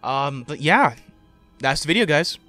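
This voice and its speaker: High-voiced, unhurried man gaming. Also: faint music behind. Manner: excitable, profane, breaks into yelling. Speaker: let's play gamer. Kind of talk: casual gameplay commentary.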